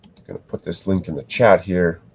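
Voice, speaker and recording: A deep-voiced man talks casually to his live-stream chat from his home setup. His voice is low and somewhat husky, and he rambles, curses and mutters to himself as he goes. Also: fairly even intonation, brisk. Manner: rambling, swearing, talking to himself. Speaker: live streamer building sets.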